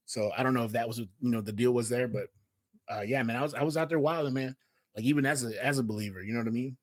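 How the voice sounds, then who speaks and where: A man's voice: mid-range voice, fast, no room sound. A man from Houston, hosting a casual Bible message and talking in a slangy, conversational way full of fillers. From Houston, Texas. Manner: slangy and conversational, fills with "man", "yo", "you know what I mean". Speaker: host.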